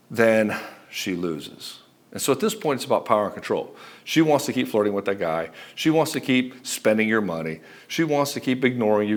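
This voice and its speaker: A man giving relationship advice as a coach, speaking bluntly and emphatically, with frequent swearing. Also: mid-range voice. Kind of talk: direct-to-camera advice monologue.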